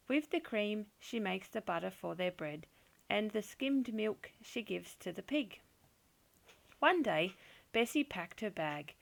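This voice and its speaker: A woman reading a children's picture book aloud in a slow, gentle, expressive storytelling manner. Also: mid-range voice, creaky. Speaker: storybook reader.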